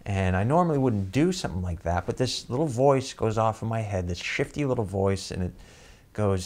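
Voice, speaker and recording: A man's voice: lowish voice, lively intonation, normal speed, darkish tone. Rambling, self-deprecating male storyteller. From Boston. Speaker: comedian. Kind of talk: comic storytelling.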